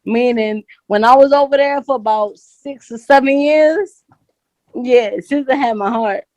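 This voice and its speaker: A fairly high-pitched woman makes her case on a podcast, stubborn and repeating herself as the argument heats up. Her voice sounds close and dry, with no room echo. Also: a little slow, lo-fi sound. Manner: insistent, repeats her points, gets loud. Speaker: podcast co-host. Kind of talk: heated casual debate.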